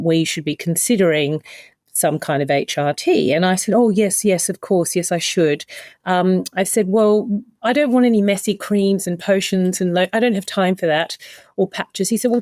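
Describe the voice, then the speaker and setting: A woman's voice: fairly low pitch, a little mellow, dry recording, studio quality. A middle-aged woman, a podcast guest, candidly and emotionally retelling a personal story in conversation. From Australia. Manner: candid, emotional retelling with many quoted exchanges.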